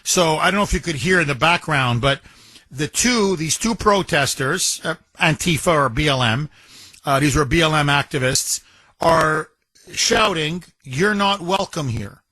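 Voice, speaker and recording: A man's voice: a little high, expressive, normal speed, bright, forceful tone, no echo. A man hosting a talk radio show, delivering a combative, emphatic and mocking monologue from a studio microphone.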